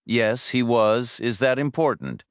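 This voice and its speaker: A man's voice: mid-range voice, measured pace, smooth, dry recording, studio quality, pitched above the performer's own voice, natural voice. A man voicing a persistent young woman lawyer who presses with polite questions. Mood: earnest.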